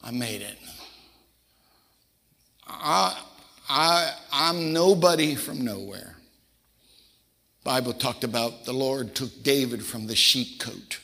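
A man's voice: mid-range voice, vocal fry, pushed and bright. An older man preaching a sermon, telling folksy personal stories and acting out the voices of the people in them. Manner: folksy storyteller, acts out quoted voices. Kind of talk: sermon storytelling. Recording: reverberant hall.

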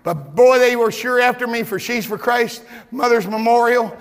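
A man preaching a sermon as pastor, shouting at times and repeating words as he builds. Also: very high-pitched, moderate pace, clear, resonant tone, big-room sound. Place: church.

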